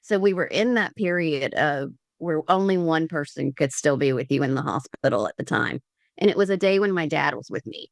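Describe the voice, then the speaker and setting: Gravelly earnest woman, podcast guest. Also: sits low, lively intonation, dry recording, clean studio sound. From Columbus, Georgia, US. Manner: earnest, halting, many restarts, voices quoted people. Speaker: podcast guest, liver transplant recipient. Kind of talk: candid conversational storytelling.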